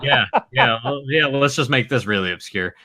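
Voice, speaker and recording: A man co-hosting a casual podcast, excitable and laughing as he tells stories. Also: medium pitch, fairly quick. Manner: excitable, laughs a lot, stammers restarts. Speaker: podcast co-host.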